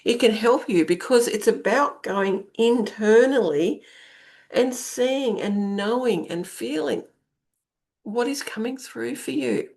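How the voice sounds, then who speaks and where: A woman's voice: fairly high pitch, slow, vocal fry, darkish tone. A middle-aged woman hosting a podcast, talking through self-help ideas in a conversational coaching manner and repeating phrases for emphasis. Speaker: podcast host and intuitive coach. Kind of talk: spoken self-help monologue.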